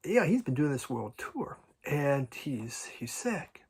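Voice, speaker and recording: A man chatting casually about his record collection at home, halting and restarting often and chuckling now and then. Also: mid-range voice, sing-song, a little mellow, slightly rough. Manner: halting, many restarts and repeated words. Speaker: vinyl record collecting vlogger. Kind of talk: casual rambling chat.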